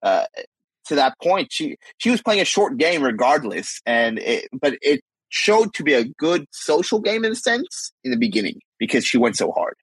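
A man with a somewhat husky voice talks through ideas on a podcast, often restarting his sentences. He is recorded dry on a close mic. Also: fairly high pitch, sing-song, normal speed, dry recording, low-quality recording. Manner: thoughtful, rambling, frequent restarts. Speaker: podcast co-host. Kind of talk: casual podcast discussion.

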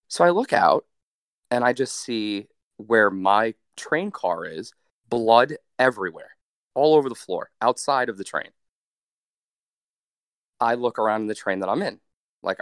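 Animated young man telling a wild story. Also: medium pitch, moderate pace, no echo, clean studio sound. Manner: animated, profane, deadpan asides. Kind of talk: casual story told to a friend.

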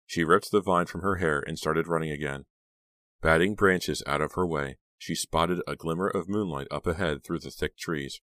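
A man narrating a horror audiobook in a steady, dramatic reading. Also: a bass voice, moderate pace, no echo, studio quality.

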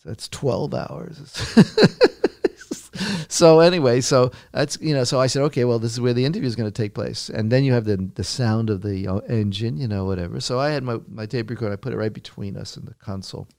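A man's voice: medium pitch, brisk, gravelly, no echo, clean studio sound. A man telling a long story in an interview, rambling with many restarts and acting out what others said. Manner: rambling, many restarts, acts out quotes loudly. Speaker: interview guest recounting a story. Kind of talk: casual anecdote telling.

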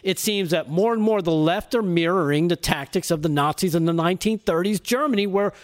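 High-voiced sarcastic male commentator. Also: brisk. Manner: sarcastic, laughs at his own jokes. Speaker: segment contributor on a talk show. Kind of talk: opinionated talk show commentary.

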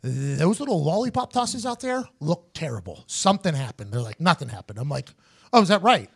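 A man's voice: fairly high pitch, a little fast, gravelly, breathy edge. A man hosting a podcast, telling a story casually, acting out the other people's voices and swearing freely. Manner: animated, acts out others' voices in his stories, swears freely. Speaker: podcast host.

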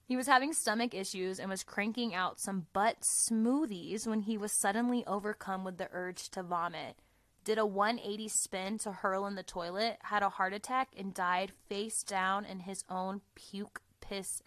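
A woman's voice: medium pitch, fairly bright tone, no room sound. A woman hosting a casual podcast, reading listener stories aloud, laughing often and swearing freely.

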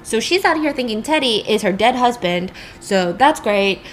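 A woman's voice: a little high, animated, normal speed, a little hiss or hum. A young woman casually recapping a film story with chatty, sarcastic asides.

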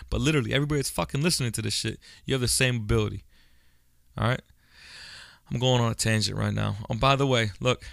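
A man's voice: on the low side, vocal fry, dry recording, clean studio sound. A young adult man hosting a podcast, talking in a blunt, profane, rambling monologue full of restarts. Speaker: podcast host. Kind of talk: casual monologue.

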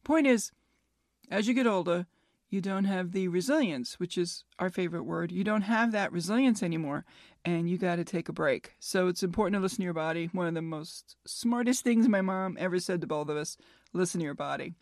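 A woman's voice: lowish voice, fairly quick, a little mellow, no room sound, studio quality. A woman in her fifties hosting a casual solo podcast, chatty and self-mocking, laughing at her own jokes. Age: 50s. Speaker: podcast host.

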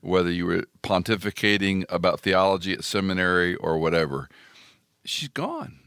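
Deep smooth-voiced male host. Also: expressive, moderate pace, a bit bright, dry recording, clean studio sound. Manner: recaps the guest's story for him. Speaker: interview host. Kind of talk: interview conversation.

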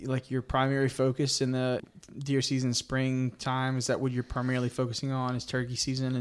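A man's voice: medium pitch, completely flat delivery, a little fast, clear, resonant tone. A man hosting a podcast at home, talking in a friendly, rambling way with many restarts. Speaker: podcast host. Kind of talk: casual podcast interview. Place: his house in Baton Rouge.

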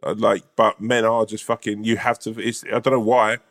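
Man, very low voice, podcast co-host, blunt, heavy swearing. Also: little pitch movement, normal speed, a bit bright. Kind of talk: casual chat.

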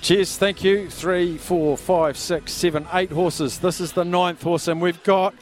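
Loud-talking Australian radio host, higher voice. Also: male voice, fairly even intonation, a little slow. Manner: raised voice, talking over pub noise. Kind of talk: live radio sweepstake call-in. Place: pub.

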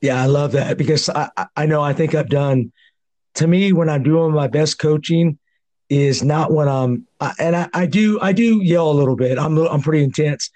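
Male podcast host and coach, slightly high voice, earnest and reflective. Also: moderate pace, dark tone. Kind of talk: casual podcast interview.

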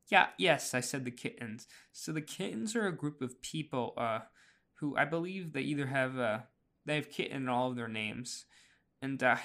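A chatty man talking through a casual podcast recap at a middle pitch. He fills pauses with "uh" and restarts his sentences, and small laughs slip in. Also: pushed and bright. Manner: chatty, laughs often, many fillers and restarts. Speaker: podcast host.

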